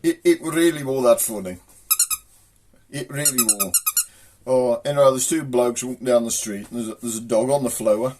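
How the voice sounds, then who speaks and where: A man's voice: medium pitch, normal speed, darkish tone, a little hiss or hum. A man with a Black Country accent hosting a casual comic video, rambling through old local sayings and jokes. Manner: rambling, folksy joke-telling.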